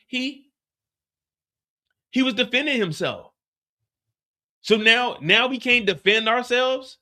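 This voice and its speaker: A man hosting a live after-show, recapping an episode in an animated, slangy way with lots of restarts and repeats. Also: extremely high pitch. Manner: profane, slangy storytelling.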